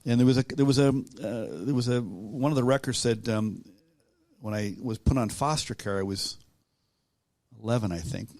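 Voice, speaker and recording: A man being interviewed about his own life, talking in a halting, reflective way with many restarts. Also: medium pitch, darkish tone, no room sound. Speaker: guest author. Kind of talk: conversational storytelling.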